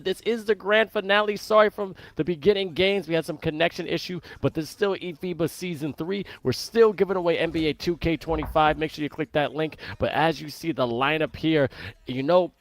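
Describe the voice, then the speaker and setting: A man's voice: a little high, no echo. A man giving color commentary on an esports basketball final, upbeat and chatty, with promotional asides to viewers. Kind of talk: sports commentary.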